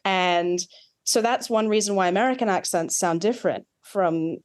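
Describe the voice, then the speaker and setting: A woman's voice: mid-range voice, moderate pace. A woman with an Australian accent, a dialect coach, explaining at length with asides and examples in an interview. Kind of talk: expert interview.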